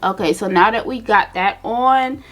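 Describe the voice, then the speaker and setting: A young woman vlogger chatting casually to her viewers, telling a personal story while doing her makeup, animated and direct. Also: mid-range voice, measured pace. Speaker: beauty vlogger.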